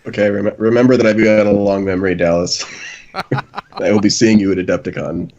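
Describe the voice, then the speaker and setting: A man's voice: lowish voice, flat delivery, fairly quick, darkish tone, highs cut off. A man co-hosting a casual podcast chat, with dry teasing humor. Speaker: podcast co-host.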